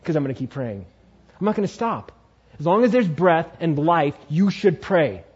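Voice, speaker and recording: High-voiced, emphatic male preacher. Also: expressive, normal speed, darkish tone, breathy edge. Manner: emphatic, repeats key phrases, dramatic pitch swings. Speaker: pastor. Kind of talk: sermon. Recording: dull lo-fi sound.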